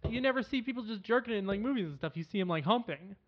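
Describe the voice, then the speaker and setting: A man's voice: high voice, animated, racing, a loud crowd. A young man in casual chat, joking and teasing the others. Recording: dull lo-fi sound.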